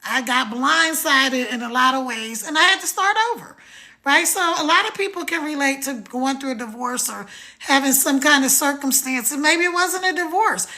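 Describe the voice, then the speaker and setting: A middle-aged woman hosting a live stream, giving an energetic, motivational pitch straight to her viewers. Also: normal speed. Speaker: live-stream host promoting a program.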